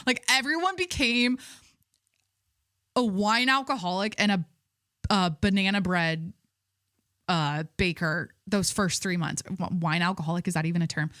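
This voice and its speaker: A woman's voice: mid-range voice, a bit bright, no echo, studio quality. Rambling young woman podcast host. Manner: rambling, filler-heavy, self-interrupting. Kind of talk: casual chat.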